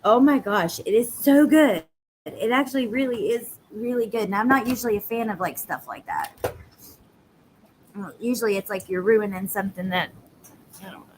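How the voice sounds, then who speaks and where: A woman's voice: mid-range voice, lively intonation, moderate pace, a little hiss or hum. A woman with a Southern US accent chatting casually on a livestream, reading viewer comments and swearing emphatically now and then. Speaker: true crime livestream host.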